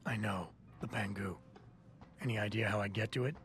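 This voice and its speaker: An actor voicing a gruff ex-cop cyborg security chief in a video game, speaking tersely with clipped lines. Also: male voice, on the low side, fairly even intonation, a little fast, a bit bright, slight background noise, close to an everyday voice. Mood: curt. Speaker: game protagonist.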